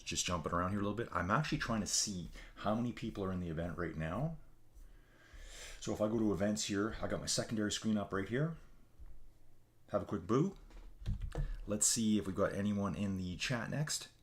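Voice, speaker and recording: Man, very low voice, tired, rambling live-stream host, chatty. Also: fairly quick, pauses often. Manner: rambling, chatty, addresses viewers as folks. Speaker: livestream host. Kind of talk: casual live-stream chat. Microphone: desk mic with adjustable gain.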